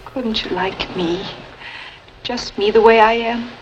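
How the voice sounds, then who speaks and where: A woman's voice: fairly high pitch, fairly even intonation, slow, noisy background. An actress playing a guarded young woman who pleads and resists, in a 1950s film. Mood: pleading. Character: mysterious young woman, later a defiant shopgirl. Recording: muffled old film soundtrack with score.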